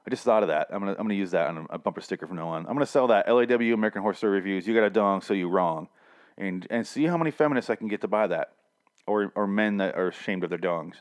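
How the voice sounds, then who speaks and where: A man recapping a TV episode in a casual, rambling, profane, wisecracking way. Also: fairly low pitch. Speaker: TV show reviewer.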